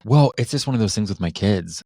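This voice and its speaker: A man's voice: lowish voice, animated, brisk, warm tone, no echo. A middle-aged man co-hosting a podcast, talking in a reflective, casual way with many restarts. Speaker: podcast co-host. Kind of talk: casual conversational chat.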